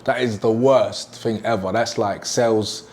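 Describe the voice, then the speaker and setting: A man's voice: on the low side, fairly even intonation, a little slow, a little mellow, a little hiss or hum. A young man teaching a sales lesson at a whiteboard, emphatic and repeating his key points. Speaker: sales trainer.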